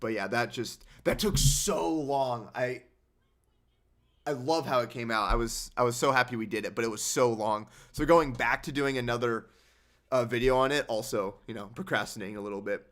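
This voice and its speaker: Young man, livestream host, casual rambling chat, sarcastic tone, average pitch. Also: moderate pace, a bit bright. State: injured hand.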